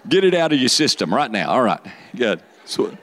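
A man's voice: mid-range voice, fairly quick. A man preaching a sermon to young people, joking and calling for responses. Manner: lively, joking, calls for audience responses. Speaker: youth pastor.

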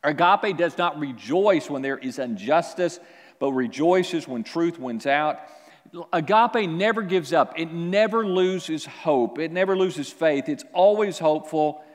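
A man preaching a sermon as pastor, with animated delivery that swings from quiet to loud. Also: fairly high pitch, measured pace, in a large hall.

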